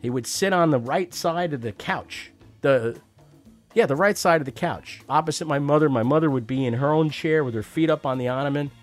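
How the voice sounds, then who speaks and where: A man's voice: a little high, a little fast, faint music behind. A man telling a wry, profane story about his childhood, now and then acting out the voices of the people in it. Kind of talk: personal storytelling monologue.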